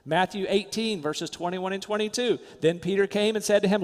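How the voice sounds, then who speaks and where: A man preaching a sermon as pastor, emphatic, rising loud then dropping to quiet, soft asides. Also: high voice, a little fast, few pauses, in a large hall.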